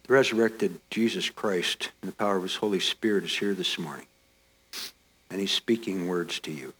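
A man's voice: low voice, moderate pace, a bit bright, husky. A man preaching a sermon, speaking straight to his listeners with repeated rhetorical questions. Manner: earnest, direct address with rhetorical questions.

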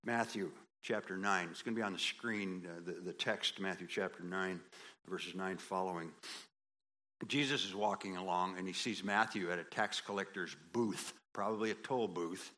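Male pastor, low-pitched but bright and forceful delivery; folksy sermon with acted-out quotes. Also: normal speed. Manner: animated, builds to emphatic high peaks; folksy asides with quoted voices.

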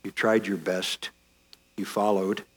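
A man's voice: sits low, little pitch movement, takes it slowly, slightly rough. A man preaching a sermon, speaking straight to his listeners with repeated rhetorical questions. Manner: earnest, direct address with rhetorical questions.

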